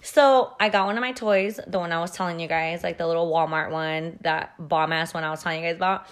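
A woman with a lowish, steady voice talks fairly quickly as she hosts a podcast. She tells a story casually, chatty and profane, saying "like" constantly.

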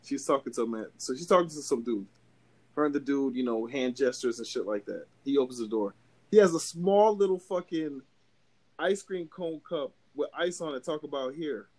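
A young male podcast co-host, mid-range and moderately paced, spins a long story in casual chat. He swears a lot and animatedly acts out every voice, playing both sides.

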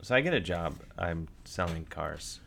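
A man with a very deep voice and a gravelly edge rambles through an invented life story. He pauses and restarts often, keeping a straight face. Faint noise sits behind him. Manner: rambling, halting, deadpan with frequent fillers. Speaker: guest telling an absurd life story. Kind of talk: improvised comedic storytelling.

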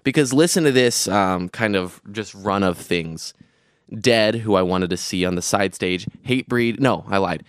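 A man's voice: fairly low pitch, normal speed, no room sound, clean studio sound. A young man co-hosting a podcast, chatting casually and rambling with many restarts and fillers. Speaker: podcast co-host recounting a festival trip. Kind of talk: casual chat.

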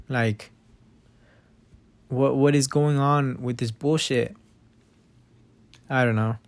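A young man hosting his own podcast, chatting casually in a rambling, profane way, recorded on a phone in his dark bedroom. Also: mid-range voice, measured pace, long pauses, dry recording. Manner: rambling, profane, restarts often. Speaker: podcast host. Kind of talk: casual solo podcast chat. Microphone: phone microphone.

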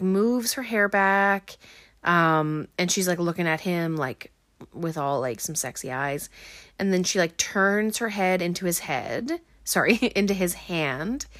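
A woman's voice: on the low side, a bit bright, no echo, clean studio sound. Chatty young woman recapping a film. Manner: chatty, full of "um" and "like". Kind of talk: casual movie recap.

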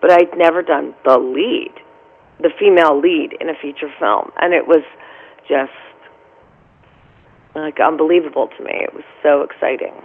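This is an animated middle-aged actress telling stories in an interview. Her voice has a gravelly, fry-laced edge. She is expressive and relives every moment as she talks. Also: low voice, normal speed, pauses often, narrow, tinny audio. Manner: animated, vivid storyteller. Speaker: actress guest. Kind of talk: storytelling interview answer.

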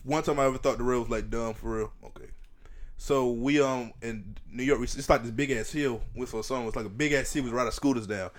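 Fast-talking man telling stories. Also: medium pitch. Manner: fast, rambling, profane storyteller. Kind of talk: casual storytelling chat.

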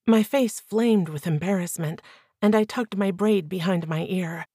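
Woman audiobook narrator, first-person novel, even delivery, dry close recording. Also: on the low side, unhurried, slightly rough, no room sound.

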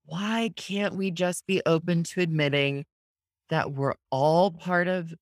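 A podcast host speaking earnestly and thoughtfully in a conversational interview, often speeding up and slowing down. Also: medium pitch, fairly even intonation, no room sound, studio quality.

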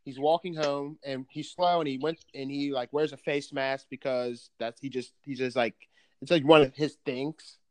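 A man in a loose, animated conversational style, piling on clauses and restarting sentences as he goes, with casual swearing throughout. His voice sits at an ordinary middle pitch for a man. The sound is dry and close, with no room echo. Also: moderate pace. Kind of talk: casual chat, storytelling.

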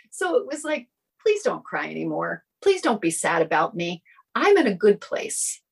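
A woman's voice: fairly low pitch, slightly rough, low-quality recording. A middle-aged woman telling a personal story in a casual interview, acting out the lines of the people in it. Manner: animated, acts out quoted dialogue. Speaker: guest sharing a personal story.

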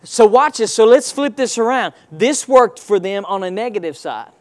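A man's voice: high voice, lively intonation, moderate pace. A male pastor preaching a sermon, reading scripture and calling on the congregation to answer back. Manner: preaching with call-and-response, rising to loud exclamations.

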